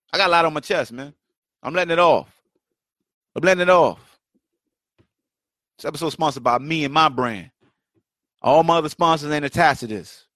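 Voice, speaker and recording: A man's voice: on the high side, a bit bright, no room sound, studio quality. A man hosting his own podcast, delivering heated rhetorical commentary with lots of repetition and mocking questions. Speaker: podcast host. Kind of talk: impassioned solo commentary. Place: home setup, livestream.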